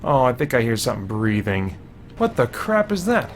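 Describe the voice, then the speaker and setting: A man's voice: mid-range voice, moderate pace. A man commentating on his own gameplay, talking to himself, easily startled and often exclaiming. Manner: jumpy, excitable, easily startled. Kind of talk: let's play commentary.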